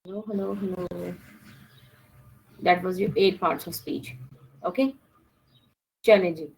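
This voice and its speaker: A woman's voice: lowish voice, fairly even intonation, moderate pace, gravelly, a little mellow, a little hiss or hum, rough recording. A woman teaching an online class, mixing with Hindi-Urdu phrases and speaking as she addresses her students directly. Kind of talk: online English lesson.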